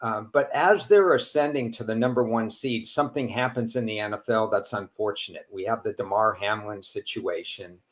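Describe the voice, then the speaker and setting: A man hosting a casual sports betting podcast. His voice sits fairly low, and he puts his questions together at length, winding toward them. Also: moderate pace, few pauses. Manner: asks long, rambling questions. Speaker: podcast host, sports handicapper.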